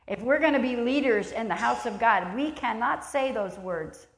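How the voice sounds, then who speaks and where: Woman preacher, fairly high voice, emphatic sermon delivery, echoey church room. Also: moderate pace. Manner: earnest, emphatic, reads scripture aloud and asks the congregation questions. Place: church sanctuary.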